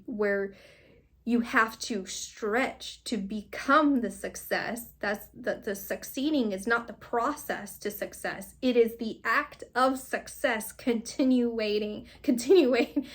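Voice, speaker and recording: A woman giving a casual tarot card reading, rambling and encouraging, and often breaking into laughter. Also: fairly high pitch. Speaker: tarot reader.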